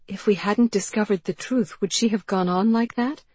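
A woman's voice: mid-range voice, normal speed, a little mellow, breathy edge, no room sound, voice pushed up, natural voice. A woman reading an audiobook, voicing a distraught young woman whose voice rises and cracks with emotion. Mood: anguished. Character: young woman, grieving, raw and agitated. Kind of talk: audiobook character voice.

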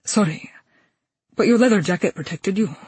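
A woman voicing a steady, protective male warrior who speaks calmly and with concern. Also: mid-range voice, normal speed, slightly rough, no echo. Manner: calm, concerned, matter-of-fact.

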